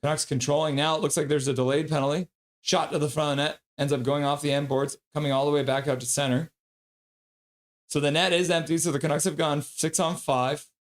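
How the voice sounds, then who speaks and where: Man calling hockey play-by-play live. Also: a little high. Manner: rapid play-by-play, bursts into loud excited voices when reading chat. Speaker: streamer doing live play-by-play.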